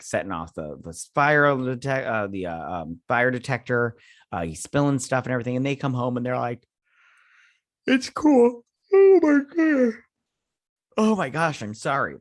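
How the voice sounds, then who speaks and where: A man's voice: mid-range voice, expressive, moderate pace, a bit bright, no room sound, clean studio sound. A man hosting a casual TV episode recap, rambling through the plot with lots of fillers and restarts, sipping coffee early in the morning. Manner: rambling, filler-heavy, paraphrasing scenes. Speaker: host reviewing a TV episode.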